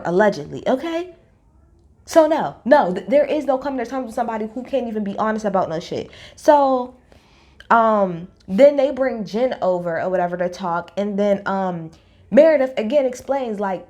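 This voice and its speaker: A woman recapping a reality TV episode in a blunt, profane, animated storytelling style. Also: fairly high pitch, normal speed. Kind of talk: casual opinionated recap.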